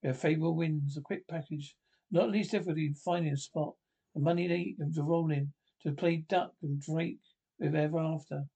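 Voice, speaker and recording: A man voicing an excitable, boastful older gentleman squire in a storybook reading, talking eagerly and with loud confidence. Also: a little high, brisk, vocal fry, husky. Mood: exultant.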